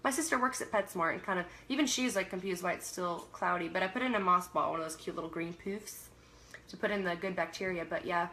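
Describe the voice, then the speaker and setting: A woman's voice: fairly low pitch, quick pace, bright, forceful tone. Chatty young woman on a livestream. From Canada. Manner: chatty, laughs often, trails off and restarts sentences. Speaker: livestream host. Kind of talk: casual live chat reading viewer comments.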